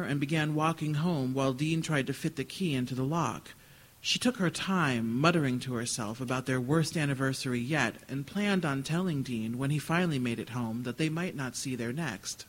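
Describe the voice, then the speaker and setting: A man reading literary fiction aloud at a live event. His voice sits somewhat high for a man. He tells the story in a dry, wry way. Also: low-quality recording. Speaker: author reading.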